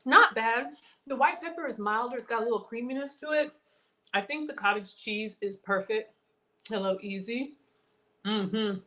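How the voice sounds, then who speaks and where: A woman's voice: a little high, normal speed, bright, forceful tone. A woman hosting a casual cooking livestream, chatting with viewers about her food and reading their comments. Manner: chatty, reads viewer comments, says y'all.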